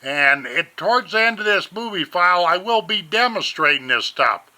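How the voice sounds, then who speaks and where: A Montana man with a high voice and lively intonation talks at a normal speed. He's a vlogger reviewing vape gear on a webcam at home, rambling folksily through a casual product review and addressing viewers as ladies and gentlemen.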